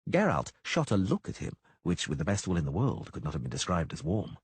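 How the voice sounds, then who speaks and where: Husky male audiobook narrator. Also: low voice, huge pitch swings, a little fast, no room sound. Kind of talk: scripted narration.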